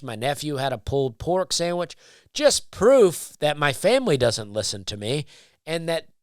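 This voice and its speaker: Comedian host, relaxed deadpan rambler, dry studio mic, mid-range voice. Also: male voice, medium pitch, clean tone, dry recording. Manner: laid-back, rambling, deadpan repetition. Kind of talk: casual solo storytelling.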